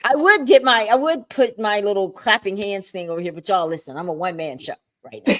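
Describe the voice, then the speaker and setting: A woman hosting a livestreamed talk show from a home setup, animated and chatty with playful asides. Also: medium pitch, fairly quick.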